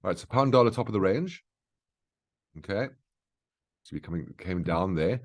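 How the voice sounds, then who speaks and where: The market analyst host has a deep voice with lively intonation and a moderate pace. Going over price charts on his daily market brief, he explains things casually and keeps asking "okay?" to check in.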